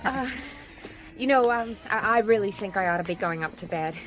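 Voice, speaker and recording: An actress playing a hesitant, evasive woman who speaks haltingly in a radio drama. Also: medium pitch, animated, fairly bright tone, natural voice, poor audio. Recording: busy restaurant crowd behind.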